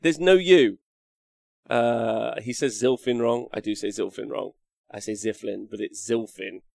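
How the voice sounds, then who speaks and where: A man's voice: mid-range voice, unhurried, gravelly, no room sound. An English man hosting a wargaming show, chatting casually and rambling, cracking jokes, swearing now and then, and reading viewer comments aloud. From England. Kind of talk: casual live-stream chat.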